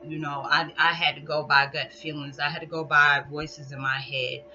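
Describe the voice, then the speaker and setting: A woman's voice: deep voice, little pitch movement, moderate pace, bright, forceful tone. A woman vlogger rambling candidly about hard times, joking at herself and laughing often. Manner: rambling, self-deprecating humor with frequent laughs. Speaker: spiritual vlogger. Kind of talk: candid monologue. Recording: dull lo-fi with faint background music.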